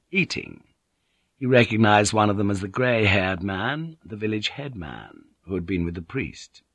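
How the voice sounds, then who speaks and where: Low-voiced man reading an audiobook. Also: no echo, lo-fi sound. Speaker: audiobook narrator. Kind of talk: scripted narration.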